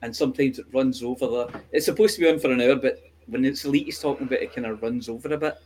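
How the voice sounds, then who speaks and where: A man co-hosting a podcast in casual chat, chatty and quick to laugh. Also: mid-range voice, darkish tone, a little hiss or hum. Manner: chatty, laughs often, jokey asides. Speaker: podcast co-host.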